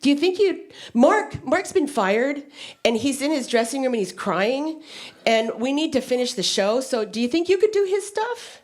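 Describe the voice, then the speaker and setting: A comedian voicing a frazzled male TV producer, rushed and pleading for a favor. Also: sits high, sing-song.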